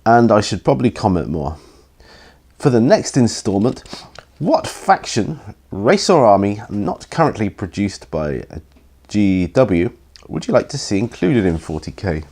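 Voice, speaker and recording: A man with a low, deep voice answers viewer questions in loose, unscripted chat. He sounds tired and keeps losing his thread, filling the gaps with ums and uhs. His talk is relaxed and rambling. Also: a little slow. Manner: rambling, hesitant, full of ums. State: tired, yawning. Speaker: hobby channel host answering viewer questions. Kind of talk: casual Q&A chat.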